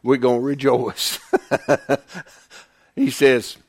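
A man's voice: mid-range voice, flat delivery, drawn-out words, darkish tone, breathy edge. A man preaching a sermon, emphatic, firing questions at the congregation. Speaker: pastor.

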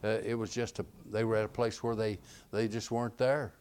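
A man preaching a sermon, moving between quiet storytelling and loud, emphatic bursts. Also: fairly low pitch, level tone, a little fast, a little hiss or hum. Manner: emphatic, swings from soft storytelling to loud exclamations.

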